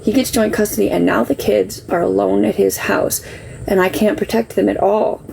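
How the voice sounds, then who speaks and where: A woman's voice: medium pitch, steady tone, moderate pace, gravelly, warm tone, a little hiss or hum, rough recording. A middle-aged woman telling a personal story on a livestream, earnest and defensive, getting worked up as she talks. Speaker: livestream host. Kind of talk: emotional personal account.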